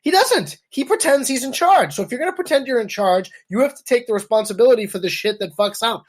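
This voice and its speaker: A woman's voice: on the high side, expressive, fast, slightly rough. Blunt sarcastic woman ranting. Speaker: podcast co-host. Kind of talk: casual political rant.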